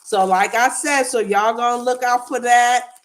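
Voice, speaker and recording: A woman's voice: on the high side, steady tone, moderate pace, slight background noise. Candid woman giving earnest advice. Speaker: livestream host. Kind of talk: casual livestream chat.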